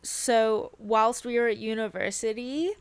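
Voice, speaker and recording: Slow, smooth-voiced young woman. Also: on the high side, fairly even intonation. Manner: attentive listener who backs the talk with short replies. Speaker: podcast co-host. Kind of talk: casual podcast chat.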